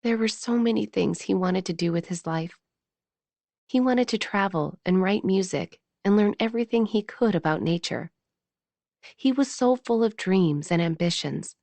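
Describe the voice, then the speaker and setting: A woman's voice: mid-range voice, creaky, a little mellow, dry recording. A woman voicing a tearful grieving young woman. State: tearful, sniffling.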